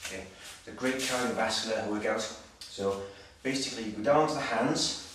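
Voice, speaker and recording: A Welsh male personal trainer with a medium-pitched voice demonstrates an exercise, sounding slightly breathless in an echoey hall. His coaching is brisk and direct, peppered with "okay?" check-ins, and the recording is very echoey, distant, and noisy.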